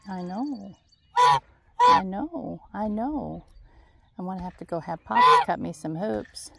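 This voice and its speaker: A woman with a gravelly, husky-edged voice talks slowly to her geese in a farm garden, her pitch swinging widely as she coaxes and gently scolds them. It is captured on a handheld phone outdoors. Loud background noise and honking geese run underneath. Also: big pitch swings. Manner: coaxing, gently scolding, drawn-out. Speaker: farm vlogger. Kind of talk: casual talk to animals while filming.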